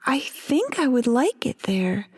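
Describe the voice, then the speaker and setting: Brief: woman doing a wistful, forgetful young captive wife in an audio story; higher, breathy, hesitant. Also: sing-song, takes it slowly, big-room sound, exaggerated voice. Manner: hesitant, dreamy.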